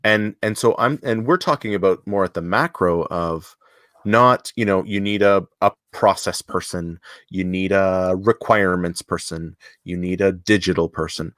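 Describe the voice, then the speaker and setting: A man's voice: low-pitched, normal speed, fairly bright tone, dry recording, clean studio sound. A man co-hosting a business podcast in casual chat, joking and loose, often restarting sentences. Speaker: podcast co-host.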